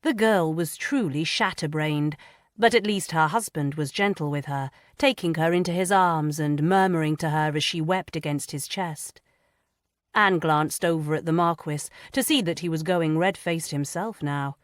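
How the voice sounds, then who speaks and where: A woman narrates a mystery novel in a calm, composed reading voice. Her voice sits on the low side and is recorded close and dry. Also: normal speed, no echo. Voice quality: even, composed. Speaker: audiobook narrator. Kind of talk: scripted narration.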